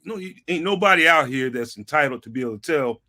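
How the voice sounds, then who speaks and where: A man's voice: fairly high pitch, lively intonation, fast, sharp tone. A man, guest on a sports talk show, talking casually with lots of slang and repeated fillers. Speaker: guest, network founder.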